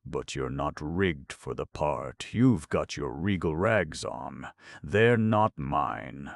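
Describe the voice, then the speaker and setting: A man's voice: extremely low pitch, animated, slow, gravelly, no room sound, clean studio sound, exaggerated voice. A man doing a blithe, teasing young party guy. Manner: breezy, teasing, a little disjointed.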